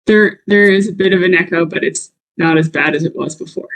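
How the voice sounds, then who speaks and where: Meeting participant on a video call; plain, practical voice, mid pitch. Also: a little fast, fairly bright tone, poor audio. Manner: plain, checking audio levels. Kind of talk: casual meeting talk.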